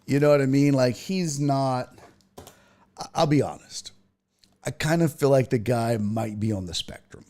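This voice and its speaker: A man hosting a podcast, telling a story in casual chat, swearing freely and building to loud rants. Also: medium pitch, unhurried, slight background noise. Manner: profane, animated, rising to loud rants. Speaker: podcast host.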